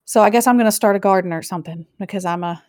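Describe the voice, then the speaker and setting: A woman's voice: medium pitch, rapid-fire, darkish tone, dry recording. Chatty woman telling a story, dry sound. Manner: chatty, self-deprecating storyteller. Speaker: podcast co-host. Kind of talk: casual chat and storytelling.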